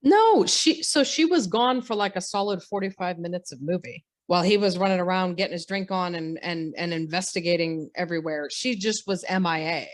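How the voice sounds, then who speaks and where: A woman's voice: lowish voice, a little fast, hardly any pauses. Blunt, sarcastic woman podcaster. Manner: blunt, sarcastic ranting with profanity. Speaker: podcast co-host. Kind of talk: casual film chat.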